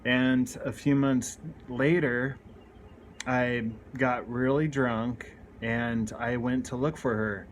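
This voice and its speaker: A man's voice: medium pitch, steady tone, takes it slowly, slight background noise. A man in his thirties telling a personal story about his recovery, speaking in a candid, earnest way with frequent restarts.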